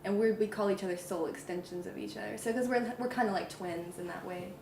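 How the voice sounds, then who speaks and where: A woman's voice: mid-range voice, fairly even intonation, fast, gravelly, darkish tone, a little hiss or hum. Easygoing american woman musician, chatty, echoey room. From United States. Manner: easygoing, laughing. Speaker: musician guest. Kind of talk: casual interview chat. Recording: roomy room.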